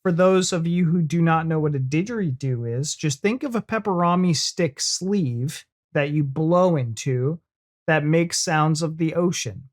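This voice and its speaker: A man's voice: fairly high pitch, measured pace. An American man hosting a reaction video, chatting casually and joking with his co-host. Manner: playful, jokey banter.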